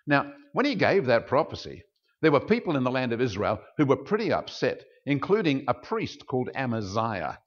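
Animated pastor preaching. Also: male voice, normal speed. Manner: animated, acts out quoted speech with big pitch jumps. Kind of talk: sermon. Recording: dull lo-fi sound.

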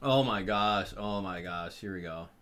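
In a low voice and at a measured pace, a gaming host vents his exasperation to viewers while commentating live gameplay. His delivery is animated and direct.

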